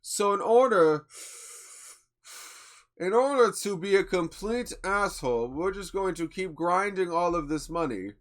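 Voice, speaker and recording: A smug, greedy corporate executive, as a man mocks him. The voice is pitched well up and delivered with exaggerated, self-satisfied scorn. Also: lightly acted.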